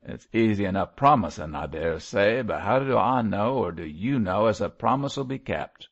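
A man's voice: on the low side, animated, moderate pace. A growling, surly prisoner, as a man reads him. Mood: defiant. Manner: growling, contemptuous, dropped aitches. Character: surly, defiant male prisoner, rough-spoken. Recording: muffled lo-fi recording.

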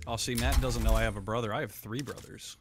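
A man's voice: mid-range voice, steady tone, fast, background noise. A man hosting a gaming stream, chatting casually and telling long rambling stories with plenty of swearing. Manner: rambling storyteller, swears freely. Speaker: streamer host. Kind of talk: casual chat while gaming.

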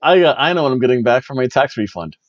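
A man hosting a wrestling review podcast, recapping a show in casual chat and slipping into quick mimicry of wrestlers. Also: mid-range voice, no echo, dull audio. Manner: animated, mimics wrestlers and announcers in quick asides.

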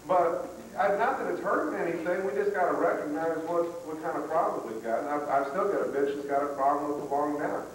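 On 1990s tape, a man leads a live dog training seminar in an echoey hall, recorded far from the mic with slight background noise. His voice sits on the high side and moves fairly quickly with hardly any pauses. He talks plainly and folksily, restarting often.

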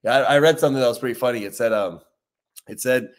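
A man's voice: medium pitch, quick pace. Man hosting a casual recovery livestream. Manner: conversational, repeats points for emphasis. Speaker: recovery talk host.

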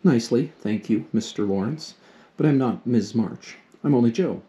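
A man voicing a lively, frank teenage girl, eager and a little awkward, as he reads a storybook aloud. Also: mid-range voice, normal speed, muffled recording, close to an everyday voice. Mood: candid.

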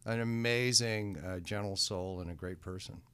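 A man guesting on a talk show as the band's lyricist, speaking calmly with small pauses. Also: lowish voice, clean tone. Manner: calm, measured, with fillers. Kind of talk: casual interview.

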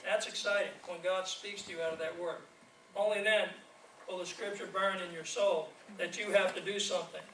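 Heard at a distance in a reverberant church sanctuary, a high-pitched man delivers his sermon a little fast, with a faint hiss or hum on the recording. Preaching as an evangelist, he laughs and tells stories in a lively way.

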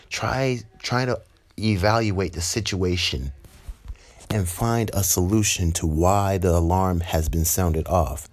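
A stern young male class leader lectures his classmates in a bossy tone, as a man puts him on. The voice sits a little higher than a plain low male voice.

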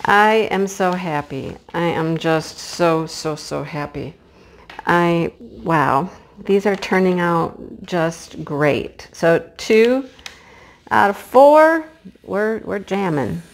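A woman chatting casually to her viewers as she unboxes a craft kit, gushing with excitement. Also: on the low side, slow pace. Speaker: craft vlogger.

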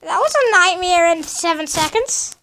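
Very high-voiced jittery woman gamer. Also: lively intonation, moderate pace, bright, forceful tone, a little hiss or hum. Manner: rambling, jittery and nervous. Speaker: gamer playing a horror game. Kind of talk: casual let's-play commentary.

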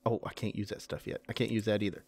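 A man's voice: fairly low pitch, completely flat delivery, fast talker, a little mellow, no room sound. A man giving casual, chatty commentary while playing a video game, often yelping when startled. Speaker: let's play gamer.

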